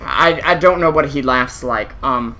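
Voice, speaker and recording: A man's voice: mid-range voice, measured pace, pushed and bright. A male esports caster in casual chat, self-deprecating, breathing heavily into a close mic. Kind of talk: casual chat between game commentary.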